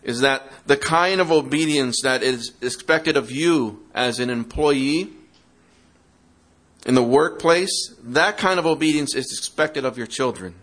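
Preacher, male, mid-pitched, teaching parents, interactive, mocks excuses. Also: measured pace, fairly bright tone. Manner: interactive, asks the audience questions; acts out quoted excuses in a mocking tone. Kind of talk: sermon.

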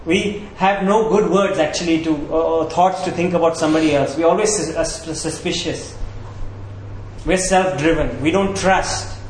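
A man's voice: a little high, normal speed, a little hiss or hum. A man preaching a sermon as pastor in a conversational, earnest way, often checking in with the listeners. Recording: roomy echo.

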